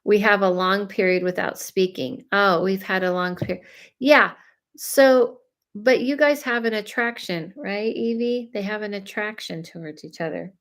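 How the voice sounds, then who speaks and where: A woman, giving a relaxed live psychic reading. She talks in a loose, chatty way, full of "like" and "you know", and addresses the people she reads for directly. Her voice sits in an ordinary middle range for a woman. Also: mid-range voice, normal speed. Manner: chatty, many fillers, talks straight to viewers. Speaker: psychic medium. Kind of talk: live reading, casual chat.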